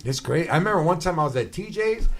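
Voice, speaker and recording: A man's voice: fairly high pitch, expressive, fast. A man hosting a podcast, reacting with laughs and telling slangy anecdotes in casual chat. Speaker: podcast host.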